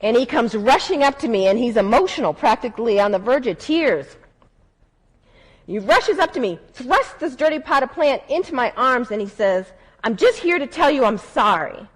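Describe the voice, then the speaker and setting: A woman's voice: on the high side, animated, moderate pace, husky, poor audio. A woman who is a civil rights lawyer and advocate, telling a story from her work in an earnest, reflective speech.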